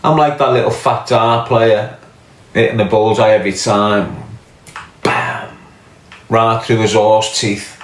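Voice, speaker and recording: A man's voice: on the low side, fairly even intonation, a little slow. Scouse man ranting in a roomy space. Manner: profane, mocking, scornful. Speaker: podcast host. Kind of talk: casual ranting commentary.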